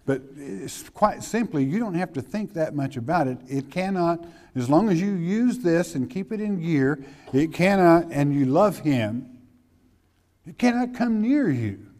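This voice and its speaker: Male preacher, middle-aged, slow folksy sermon, emphatic, keeps checking in with his listeners. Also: fairly high pitch, expressive, darkish tone. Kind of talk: expository sermon.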